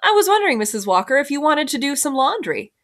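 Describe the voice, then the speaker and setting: A woman's voice: high-pitched, big pitch swings, quick pace, fairly bright tone, voice pushed up, exaggerated voice. A woman reading as a weary, scolding country mother. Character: weary rural mother of ten, sharp-tongued.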